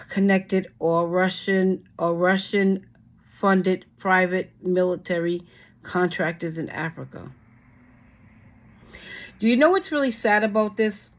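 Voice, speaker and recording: A woman hosting her channel, reading a bill aloud and cursing at it in exasperated commentary, with frequent sighs and restarts. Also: lowish voice. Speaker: channel host.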